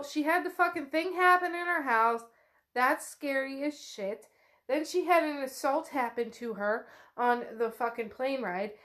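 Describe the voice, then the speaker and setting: A woman's voice: high voice, fairly bright tone. A woman casually retelling the chapters of a novel, chatty and loose, swearing freely and saying "like" a lot. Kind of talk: casual book recap.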